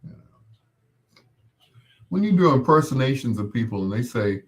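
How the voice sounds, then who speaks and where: A man's voice: mid-range voice, sing-song, normal speed. A man hosting a radio music show in casual, rambling on-air chat. He jokes and laughs often.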